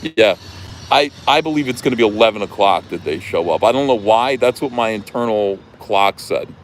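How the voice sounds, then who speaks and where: A man with a New Jersey accent hosting a livestream outdoors, chatting casually in an animated, rambling way. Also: on the low side, moderate pace, a little hiss or hum. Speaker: livestream host. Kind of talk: casual chat.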